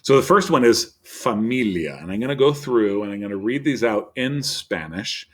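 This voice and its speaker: A man teaching a recorded vocabulary lesson, explaining in an upbeat way and reading word lists slowly. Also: on the low side, lively intonation. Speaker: Spanish teacher.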